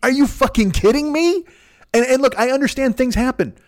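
A man's voice: extremely high pitch, animated, a little fast. A man with a Chicago accent and a radio voice, hosting a solo comedic podcast rant, rambling and profane with frequent restarts. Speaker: podcast host.

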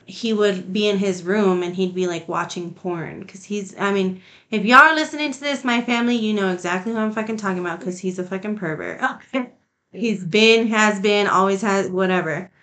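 A woman's voice: mid-range voice, normal speed, fairly bright tone. A woman hosting a podcast in casual conversation, talking nonchalantly with a lot of swearing and filler "like"s and laughing between sentences. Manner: nonchalant, heavy swearing, frequent "like". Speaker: podcast host.

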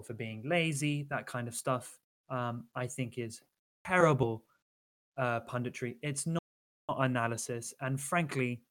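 A man co-hosting a casual football podcast, talking earnestly and critically with frequent fillers and restarts. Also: mid-range voice. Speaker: podcast co-host.

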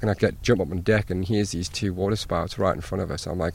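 A man, a sailboat captain, telling lively stories in a casual interview and acting out the things people said. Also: deep voice, quick pace, gravelly, breathy edge. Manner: animated anecdotes, acts out quoted exchanges. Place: outdoors by an anchored sailboat.

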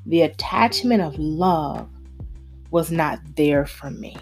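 A woman's voice: animated, slow pace, darkish tone. A woman in her forties candidly telling a personal story, holding back tears and acting out the voices she quotes, with faint music behind her. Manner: candid, acts out quoted voices with big pitch jumps. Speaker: speaker sharing a personal story.

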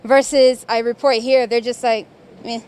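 A woman's voice: on the high side, normal speed, darkish tone. A woman giving her opinion bluntly and with exasperation. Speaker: interviewee. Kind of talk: casual opinion.

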